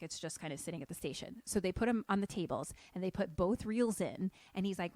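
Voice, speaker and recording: A woman's voice: fairly low pitch, no room sound. A woman co-hosting a podcast, animatedly retelling a horror movie in casual chat, full of "like" fillers. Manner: animated storyteller, frequent "like" fillers. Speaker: podcast co-host.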